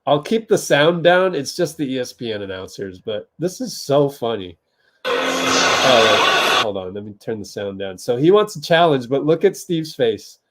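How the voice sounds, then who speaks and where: A man's voice: mid-range voice, very animated, moderate pace, hardly any pauses, background noise. A man hosting a casual livestream watch party, chatting with viewers, laughing often and typing as he talks. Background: keyboard typing.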